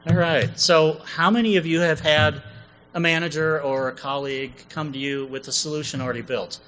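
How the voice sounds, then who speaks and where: Man on stage, bright voice, jokey conference talk, quizzes the crowd. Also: fairly high pitch, steady tone, normal speed, a little hiss or hum, low-quality recording. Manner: jokey, chatty, asks the audience questions. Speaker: conference co-presenter. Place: conference session room.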